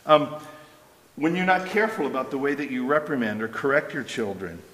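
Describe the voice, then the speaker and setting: A man's voice: mid-range voice, lively intonation, brisk, fairly bright tone. A middle-aged male pastor preaching a sermon in a conversational way, often checking in with "right?". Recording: echoey hall with long reverb.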